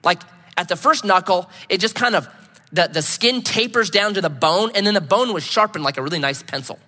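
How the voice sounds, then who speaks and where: Male preacher, animated storyteller, bright, sharp tone in a reverberant hall. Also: high-pitched, brisk. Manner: animated storytelling, acts out his own shouts. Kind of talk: sermon with a story.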